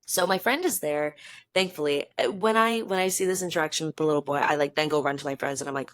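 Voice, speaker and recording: A young woman in her twenties telling a story in a casual vlog, chatty and animated, laughing often and correcting herself as she goes. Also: low voice, brisk, no echo, studio quality. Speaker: vlogger.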